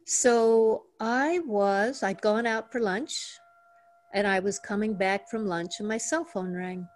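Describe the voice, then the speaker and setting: Calm older woman teaching meditation. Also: mid-range voice. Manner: calm, measured, slows down for emphasis. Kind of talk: teaching talk. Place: home in the mountains.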